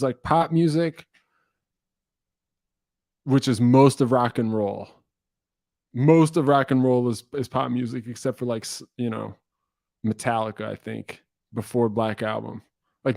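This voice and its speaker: A man's voice: mid-range voice, vocal fry, a little mellow, no room sound, clean studio sound. A man casually rambling through viewer questions at his computer, self-interrupting and wry, with a cough now and then. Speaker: music YouTuber answering viewer questions. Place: indoor room at his computer. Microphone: computer webcam setup.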